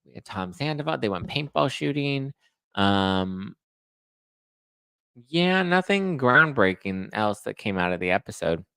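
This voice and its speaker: A man's voice: mid-range voice, big pitch swings, a little slow, creaky, fairly bright tone, smooth, no room sound. A man hosting a podcast, chatting casually and with sass while recapping reality TV. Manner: chatty and sassy, acts out quotes. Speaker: podcast host.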